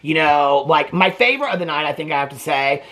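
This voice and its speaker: A man spilling reality-TV gossip to the camera in a loose, chatty way. His talk is full of asides and "okay?" tags, and he keeps a lively, animated delivery. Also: on the high side, a little fast. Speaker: TV reaction vlogger.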